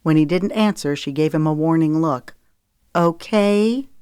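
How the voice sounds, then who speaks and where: A woman narrating a romance novel in a steady, expressive audiobook reading. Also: deep voice, fairly quick, clean tone, no echo, clean studio sound. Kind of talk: scripted narration.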